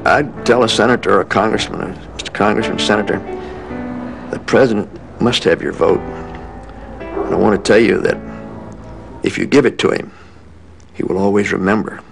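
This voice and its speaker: A deep, gravelly male voice speaks deliberately, quoting his own past words. Music plays clearly behind him. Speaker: former aide recalling. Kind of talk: archival interview.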